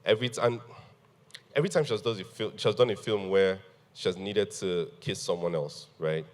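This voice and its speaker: A man telling an animated story on a panel, laughing and acting out what people said. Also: low-pitched, brisk, big-room sound. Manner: animated, laughing storyteller who acts out quotes. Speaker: guest.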